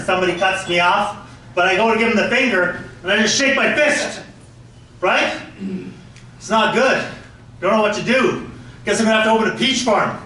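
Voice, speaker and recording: A man's voice: sits high, bright, forceful tone. A man doing stand-up comedy at a memorial, telling crude jokes and tributes. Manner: joking, crude punchlines. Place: comedy club stage. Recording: echoey hall from far off, faint noise.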